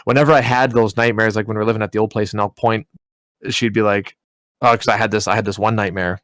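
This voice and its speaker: A man's voice: lowish voice, steady tone, quick pace, a bit bright, no echo. Rambling man telling a story. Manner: rambling, full of "like" and "you know". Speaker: podcast co-host. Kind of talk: casual storytelling.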